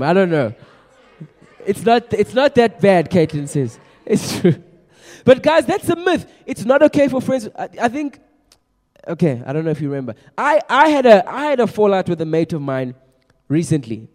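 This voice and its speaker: A young man preaching to a youth group in a chatty, energetic way, often repeating his words. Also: high voice, normal speed. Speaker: youth pastor. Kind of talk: youth sermon. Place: large room with a youth audience. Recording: long echo of a large hall.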